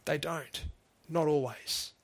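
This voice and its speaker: A man's voice: on the high side, steady tone, slow pace. A middle-aged man preaching a sermon, earnest and emphatic, often calling his listeners "folks".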